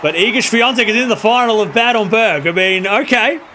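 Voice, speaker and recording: A young man streaming live tennis play-by-play to his chat, excitable, swinging from quiet muttering to shouting. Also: high-pitched, brisk, background noise.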